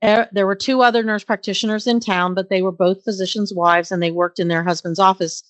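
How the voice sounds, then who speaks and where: A woman's voice: medium pitch, steady tone, fairly quick, a bit bright, no echo. A middle-aged woman who works as a nurse practitioner, a guest in an interview. She tells career anecdotes earnestly, with frequent ums and uhs. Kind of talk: conversational storytelling interview.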